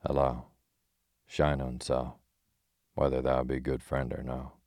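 A gruff tinker, quick to bristle, blusters in old-fashioned talk, as a man reads him in a storybook. The voice is very deep and nearly monotone. It sounds close and dry. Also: no echo, heavily acted. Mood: blustering. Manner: blustering, archaic speech.

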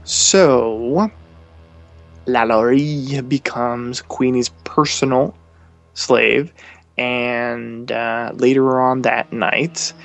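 A man's voice: medium pitch, creaky. A man co-hosting a podcast, chatting casually as he recaps a TV episode in a meandering way and quotes the characters' lines.

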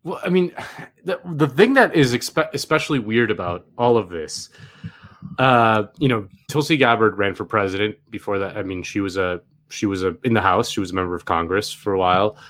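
A man's voice: on the low side, moderate pace, fairly bright tone. A man co-hosting a casual political podcast, rambling and wry, with many fillers. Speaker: podcast co-host.

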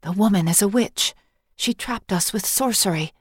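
Woman reading a calm, firm young captive woman. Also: medium pitch, moderate pace, no echo, clean studio sound, close to an everyday voice. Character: young tribal woman, bold captive, protective sister.

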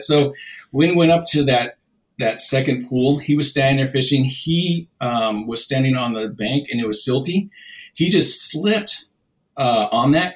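A man's voice: mid-range voice, poor audio. A man telling fishing stories in a casual interview, rambling with many restarts. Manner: rambling anecdotes with many restarts and acted-out quotes. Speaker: guest. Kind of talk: casual storytelling.

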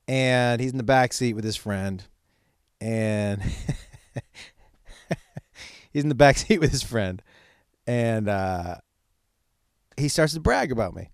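Middle-aged male comic, profane storyteller, lively swooping delivery, dry booth sound. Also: mid-range voice, slow, long pauses, no room sound. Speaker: comedian. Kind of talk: stand-up style storytelling.

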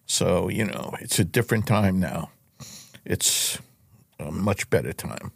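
A man's voice: sits low, a little slow, vocal fry, husky, dry recording. An older man, a guest on a podcast interview, speaking casually in a studio, playful at times and earnest at others. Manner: giggly and playful, then earnest. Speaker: guest, host's father.

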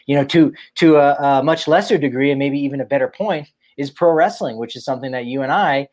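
A man's voice: mid-range voice, brisk, darkish tone. A man in his forties co-hosting a casual sports podcast, musing and teasing his partner, with lots of "you know" fillers. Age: 40s. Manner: teasing, reflective, many fillers. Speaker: podcast co-host.

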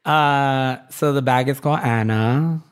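Designer guy chatting in an interview, says like a lot, mid pitch, does little voices when he quotes people. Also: a little slow, clear, resonant tone. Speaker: fashion designer, guest. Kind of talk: casual interview chat.

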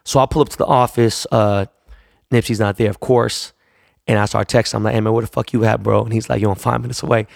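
A man's voice: fairly low pitch, little pitch movement, quick pace, creaky, no room sound, clean studio sound. A man, a jeweler, telling a long casual anecdote in a profane, rambling way, acting out the people he quotes. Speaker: jeweler and store owner.

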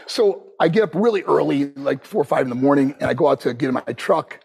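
Husky-voiced man telling wrestling-era stories. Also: a little high, fast talker, hardly any pauses. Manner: animated anecdotal telling, laughs through lines. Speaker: guest. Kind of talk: conversational storytelling.

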